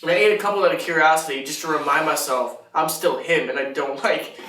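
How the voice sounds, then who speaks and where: Casting: man podcast co-host, rambling joker, slightly high voice, roomy distant sound. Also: quick pace, bright, forceful tone, a little hiss or hum. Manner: joking, rambling, laughs often. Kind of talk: casual chat. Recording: echoey room, mic at a distance.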